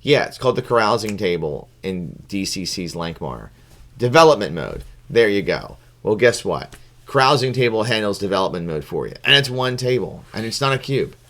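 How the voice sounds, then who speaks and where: Low-voiced rambling male podcast host. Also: big pitch swings, normal speed, a bit bright. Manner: rambling, full of fillers and restarts. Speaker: podcast co-host and game judge. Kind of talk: casual podcast chat.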